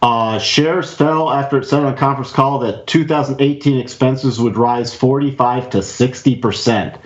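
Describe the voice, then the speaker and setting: A man's voice: mid-range voice, normal speed, dull audio. Man rattling off market numbers. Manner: reads out market figures, then comments on stock charts. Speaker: podcast host. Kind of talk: casual investing podcast chat.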